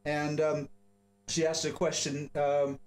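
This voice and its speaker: A man casually telling a travel anecdote, quick and meandering with many restarts. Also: on the high side, completely flat delivery. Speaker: musician guest.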